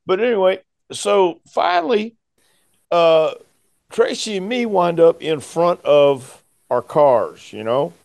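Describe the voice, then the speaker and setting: A man who used to wrestle recounts a tale in easygoing conversation, speaking slowly in a high, gravelly voice. He gets animated, laughs frequently and voices the characters himself, with no echo in the recording.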